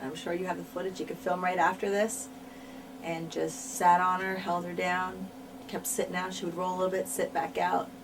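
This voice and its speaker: A woman with a fairly low pitch and flat delivery talks at a normal speed about her wrestling career, telling candid shoot-interview stories and repeating words for emphasis. It's recorded from a distance with faint background noise.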